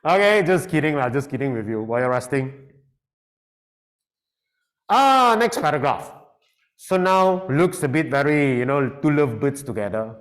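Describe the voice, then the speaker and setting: Animated teacher, man. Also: medium pitch, normal speed, pauses often. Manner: animated, playful, code-switching into Mandarin. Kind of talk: classroom lesson.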